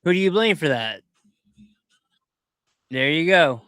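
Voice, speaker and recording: A man hosting a podcast, talking casually and in a rambling way as he comments over video clips, quick to get excited. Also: a little high, clear, resonant tone, no room sound. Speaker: podcast host.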